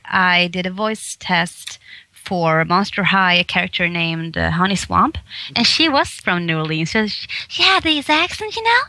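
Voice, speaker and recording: A Swedish voice actress and comedian chats in a casual interview, speaking with a Swedish accent, laughing often and restarting her sentences. Her medium-pitched voice sounds pushed and bright, with no echo.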